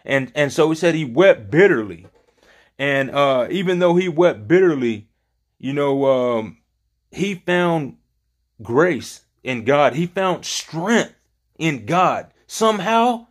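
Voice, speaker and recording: A man's voice: fairly high pitch, expressive, slow pace. Earnest, rambling man leading Bible study. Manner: earnest, rambling, searching for words. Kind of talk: informal Bible study talk.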